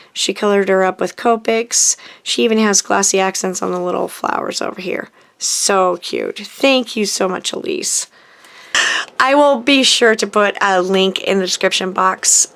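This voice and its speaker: A woman's voice: medium pitch, creaky, a bit bright. A middle-aged woman hosting a papercrafting channel, chatting casually and gushing about mail she received, with frequent ums and restarts. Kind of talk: casual happy-mail chat to camera.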